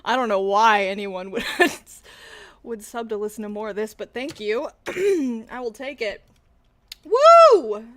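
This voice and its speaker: A woman streaming political commentary, sarcastic and profane, dropping to mutters and rising to loud rants. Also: fairly high pitch. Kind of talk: casual livestream commentary.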